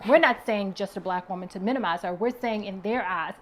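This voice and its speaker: A woman's voice: mid-range voice, brisk, a little hiss or hum. A woman co-hosting a casual chat show, making her points earnestly and emphatically, often repeating them. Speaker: podcast co-host.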